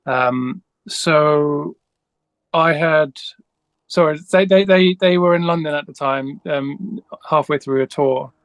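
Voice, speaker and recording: A guest musician in a casual interview tells a long, rambling story, restarting often and acting out the dialogue. His voice is on the high side, slow, clear and resonant, with no room sound.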